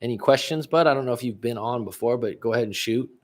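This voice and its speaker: A man's voice: mid-range voice, fast talker. A middle-aged male relationship coach in a casual livestream chat, rambling and reading viewer comments aloud with many restarts. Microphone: livestream webcam.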